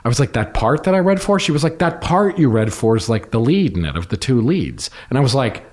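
A middle-aged man, an actor, telling stories in a candid, casual conversation, acting out quotes and swearing freely. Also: a little fast. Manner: animated, acts out quotes with big pitch jumps. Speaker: actor, podcast guest.

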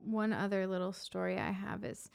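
A woman telling stories in a casual chat, animated and acting out the voices of the people she quotes. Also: moderate pace, vocal fry, smooth, no room sound, clean studio sound. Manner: animated, acts out quoted voices in a higher pitch.

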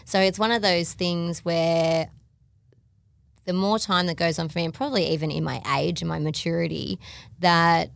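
An Australian woman co-hosting a podcast, talking in a chatty, quick way full of "like" and laughs. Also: lowish voice, steady tone, vocal fry, dry recording. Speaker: podcast co-host. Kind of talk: casual chat.

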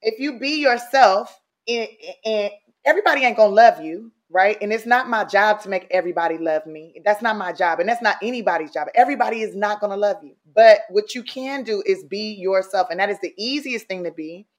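A woman guest speaking bluntly and candidly in a casual interview, animated and salty, mimicking people as she goes. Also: medium pitch, a little fast.

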